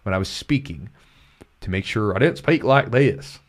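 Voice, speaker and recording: Speaking a little fast with lively intonation and a fairly low pitch, this Kentucky-born jiu-jitsu coach hosts a casual podcast. He's earnest and motivational, repeats himself often, and his once-Kentucky twang has been trained into neutral American.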